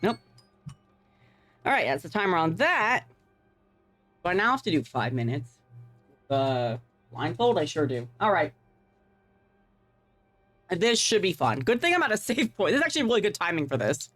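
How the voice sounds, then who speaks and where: A woman's voice: fairly low pitch, big pitch swings, moderate pace, pauses often, a bit bright, no room sound. A woman streamer giving playful, profane live gameplay commentary, tacking "meow" onto her sentences. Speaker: game streamer.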